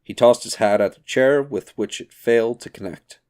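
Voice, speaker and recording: A man narrating a comic novel in a measured, even reading. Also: medium pitch. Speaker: audiobook reader. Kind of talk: scripted narration.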